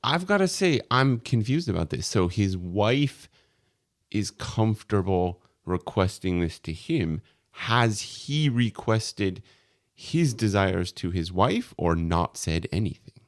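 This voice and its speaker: A man co-hosting a casual podcast, chatting and reacting with quick interjections. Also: fairly low pitch, sing-song, dry recording, clean studio sound. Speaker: podcast co-host.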